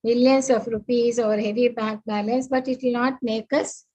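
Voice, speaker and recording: A woman gives an online scripture lesson over a video call. Her voice sits a little high and has a husky edge. She talks at an easy pace, pausing often on fillers while she explains her slides. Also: steady tone, warm tone, low-quality recording. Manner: unhurried, many fillers, walks through slides. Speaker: spiritual teacher.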